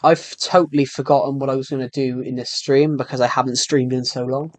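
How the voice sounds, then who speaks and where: A man's voice: medium pitch, steady tone, fairly quick. A young man with a sore throat, chatting in a rambling way while live-streaming a video game. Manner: rambling, chatty, with frequent restarts and fillers. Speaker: gaming streamer. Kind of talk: casual live-stream chat while playing.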